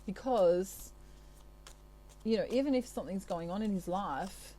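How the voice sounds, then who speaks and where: A woman chats playfully to her viewers as a tarot reader, breaking into frequent giggles. She talks in an unhurried, mellow voice. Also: medium pitch. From Australia. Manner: chatty, giggly, playful asides. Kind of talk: casual chat to camera.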